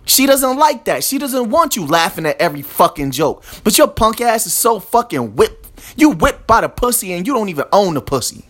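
A man's voice: high-pitched, very animated, normal speed, a bit bright. A man hosting a podcast, ranting in a profane, aggressive and repetitive monologue. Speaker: podcast host.

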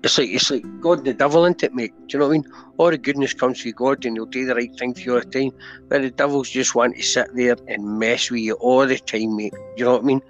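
A man's voice: mid-range voice, steady tone, quick pace. Scottish man, middle-aged, earnest chatty guest, dull lo-fi sound, faint music behind. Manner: earnest, with constant "mate" and "do you know what I mean". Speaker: podcast guest. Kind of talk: candid conversational storytelling.

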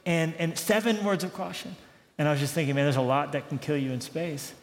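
A man preaches in a loose, conversational style, and his fairly high voice lifts when he acts out dialogue. A long reverb trails behind each phrase, as if he stands in a large hall. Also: fast. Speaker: pastor. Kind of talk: sermon.

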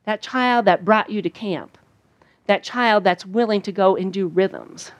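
An older woman giving a sermon at a camp, telling stories and acting out quoted voices in an animated way. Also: medium pitch, slow pace, no echo. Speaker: speaker at a church camp. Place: outdoor camp gathering.

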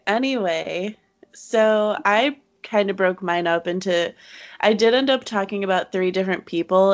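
Slow-talking giggly woman co-host. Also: fairly low pitch. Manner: giggly, teasing, chatty. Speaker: podcast co-host. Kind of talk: casual chat. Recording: dull lo-fi home recording.

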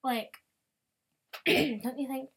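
A young woman, rambling and bubbly as she chats casually over a game, breaking into sudden excited squeals. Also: sits high, drawn-out words, slightly rough. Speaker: gamer podcaster. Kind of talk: casual gameplay commentary.

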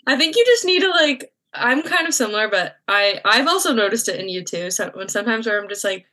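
A woman's voice: fairly high pitch, very animated, fairly quick, sharp tone. A young woman co-hosting a podcast, talking in casual chat as a supportive, thoughtful listener. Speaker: podcast co-host.

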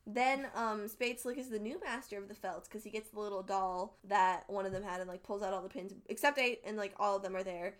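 A woman's voice: mid-range voice, a little fast, hardly any pauses. A young woman casually recapping a webcomic, rambling and swearing freely as she acts out what the characters said. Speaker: podcast co-host recapping a webcomic.

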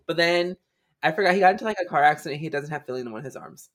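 A man's voice: a little high, fairly bright tone. A young man in casual chat with friends, telling blunt, profane stories. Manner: rapid, profane, blunt storytelling.

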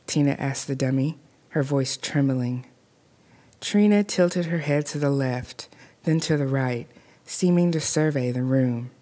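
A woman narrating a scripted horror story in a measured, deliberate way. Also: extremely low pitch, steady tone, mellow.

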